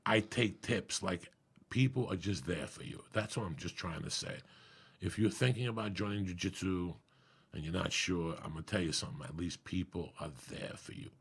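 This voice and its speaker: A man with a raspy, gravelly voice, telling stories in casual chat as a comedian guest, swearing freely and acting out what people said. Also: low voice, moderate pace. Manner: profane, animated storyteller acting out quotes.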